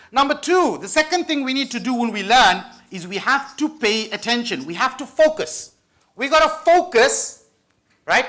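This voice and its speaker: A man giving school students a lively study-skills talk, playful and often asking the audience questions. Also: high-pitched. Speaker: motivational study-skills speaker.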